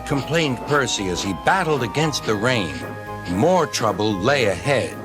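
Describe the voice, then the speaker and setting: A man narrating a children's story in a lively, expressive manner. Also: medium pitch, a little slow, over music.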